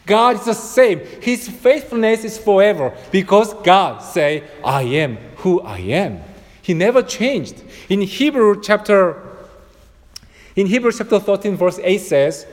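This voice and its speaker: A man with a high voice and as a delivers a sermon as pastor. He speaks slowly, leaning on repetition to build each point. His voice rings through a long hall reverb. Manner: preaching with repeated phrases and swelling emphasis.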